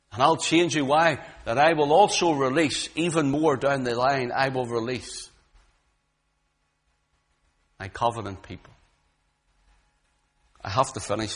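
Speaking at a normal speed and pausing often, this preacher swings between quiet, low passages and loud, raised outbursts. His sermon is fervent, and he repeats words as his intensity builds.

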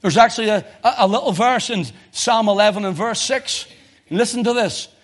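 Fervent preacher man, high-pitched voice. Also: a little fast. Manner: swings from loud emotional crescendos to low intense tones. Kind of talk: fervent sermon.

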